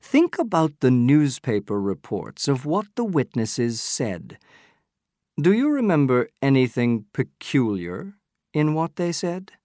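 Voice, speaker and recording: A man voicing a sharp-minded male detective who explains his deductions patiently and emphatically, asking probing questions, in an audiobook reading. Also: mid-range voice, big pitch swings, slow, no echo, studio quality. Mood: explaining.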